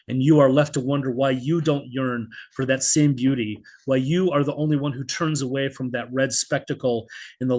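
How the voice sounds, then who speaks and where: A middle-aged man reading his own poetry in an expressive spoken-word style, blunt and vivid, now and then swearing, over a video call. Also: mid-range voice. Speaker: poet.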